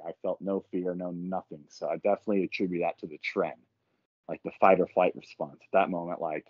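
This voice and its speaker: A man on a podcast, telling a story casually and profanely, with lively acted quotes. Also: deep voice, no room sound, dull audio. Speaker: podcast guest.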